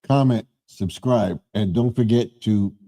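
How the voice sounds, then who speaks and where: A man chatting on his live stream in a low, mellow voice. He talks slowly and rambles in a relaxed, low-key way. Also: slight background noise. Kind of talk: casual live stream chat. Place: home man cave.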